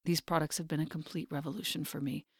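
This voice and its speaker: Soft-spoken low-voiced woman podcast host. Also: fairly even intonation, fast talker, breathy edge, no room sound, studio quality. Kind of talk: podcast host read and guest introduction.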